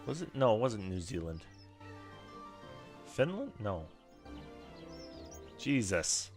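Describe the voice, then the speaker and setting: A man's voice: lowish voice, very animated, slow, soft background music. A man giving casual, chatty gameplay commentary, self-deprecating and swearing now and then. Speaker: streamer.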